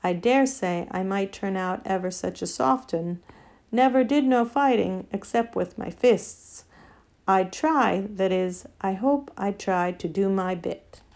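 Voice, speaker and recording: A woman's voice: mid-range voice, unhurried, gravelly, a little mellow. A woman voicing a humble middle-aged male cabdriver with a Cockney accent, speaking in a homely, deferential way in an audiobook. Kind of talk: audiobook character voice.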